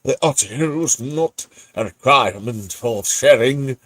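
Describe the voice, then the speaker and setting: A man's voice: mid-range voice, unhurried, no room sound. A man hosting a podcast in casual, rambling livestream chat, breaking off mid-thought and laughing often. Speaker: podcast host.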